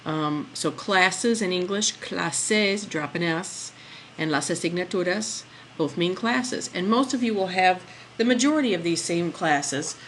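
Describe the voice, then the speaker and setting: A woman's voice: fairly low pitch, measured pace, slight background noise, rough recording. A woman teaching a classroom lesson over slides, patient and explaining step by step, asking the class questions as she goes. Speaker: Spanish teacher.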